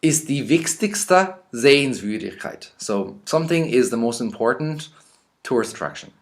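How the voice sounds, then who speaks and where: A man's voice: mid-range voice, normal speed. Irish guy teaching vocab, medium voice, says each word then explains it all easygoing. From Ireland. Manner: reads words out, then explains in a relaxed, chatty way. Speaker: language teacher. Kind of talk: vocabulary lesson.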